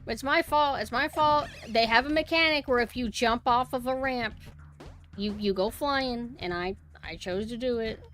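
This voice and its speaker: A young woman streaming a platformer, chatting through her play and quick to yell and curse at the game. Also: a little high, soft background music. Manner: rage-prone, yelling and cursing at the game; chatty, thinks aloud. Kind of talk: live gameplay commentary.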